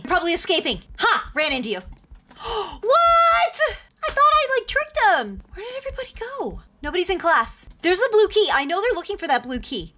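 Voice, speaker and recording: Bubbly woman game host, very high and lively voice, noisy recording. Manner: bubbly, gasping, squealing reactions. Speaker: gaming video host. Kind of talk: excited gameplay commentary.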